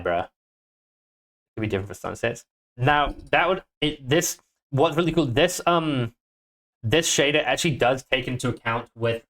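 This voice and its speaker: A game developer talks through his code on a live stream in a put-on Scottish accent. He mutters to himself, cusses freely and bursts out loud when things go wrong. His pitch sits in an ordinary middle range. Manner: mutters to himself, swears, sudden excited outbursts. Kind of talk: live-coding stream, thinking aloud.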